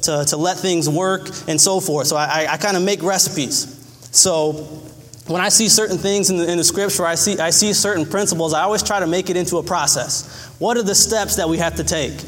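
Earnest high-voiced preacher in a reverberant hall. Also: male voice, fairly quick, a bit bright. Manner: earnest, repeats phrases, acts out cries in a high voice. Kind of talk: sermon.

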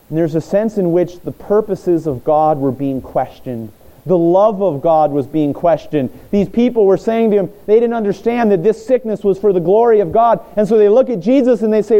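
A man preaching a sermon in an earnest way, pausing and restarting his phrases. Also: a little high, animated, dark tone, poor audio. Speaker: pastor.

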